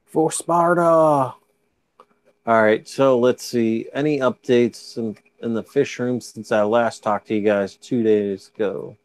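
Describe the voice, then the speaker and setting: A tired man hosts a fishkeeping livestream from home over a video call, yawning and joking in a laid-back drawl as he reads comments aloud. His mid-range voice is steady, slow, clear and resonant, recorded on a computer mic.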